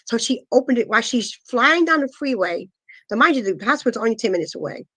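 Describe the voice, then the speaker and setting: Halting middle-aged woman, dry close sound. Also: fairly high pitch, expressive, fairly bright tone, no echo. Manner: halting, with many pauses and fillers; earnest, intense retelling. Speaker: guest, asthma foundation founder. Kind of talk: emotional personal testimony.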